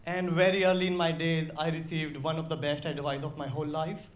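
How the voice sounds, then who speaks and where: A man from India with an Indian accent, doing a slow, deadpan stand-up comedy set on a club stage. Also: on the high side. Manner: slow, deadpan delivery with crude punchlines. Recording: roomy live club sound with audience.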